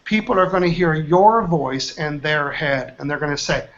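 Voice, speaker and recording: A man leading a live online training, energetic, quizzing his group with questions. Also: a little high, normal speed, hardly any pauses. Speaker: trainer, workshop host. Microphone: online video call. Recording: dull lo-fi call audio.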